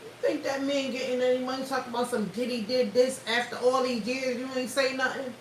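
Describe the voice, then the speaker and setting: A woman's voice: high-pitched, steady tone, fairly quick. A woman hosting a livestream, giving blunt, profane commentary and laughing often. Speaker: livestream host. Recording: echoey room, far from mic, faint hiss.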